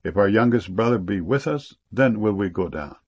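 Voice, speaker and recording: A man reading a pleading brother, gravelly. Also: fairly low pitch, animated, moderate pace, a little mellow, muffled recording. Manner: earnest, pleading. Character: pleading grown brother begging for mercy. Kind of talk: solemn scripture reading.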